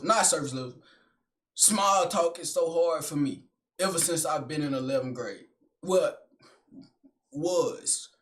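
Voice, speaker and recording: Slangy young man talking to himself. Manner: slangy and profane, swings between loud projecting and low mumbling. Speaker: skit creator. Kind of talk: comedic monologue talking to himself.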